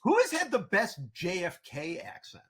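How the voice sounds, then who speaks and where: A man hosting a casual podcast chat, talking in an animated, rambling way with frequent restarts. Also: high voice, normal speed, over a noisy crowd. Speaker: podcast host.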